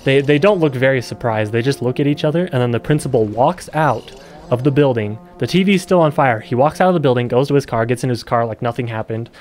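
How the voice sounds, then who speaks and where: A young gaming streamer with a medium-pitched voice talks quickly while he plays. He rambles casually and swears, growing loud and exasperated.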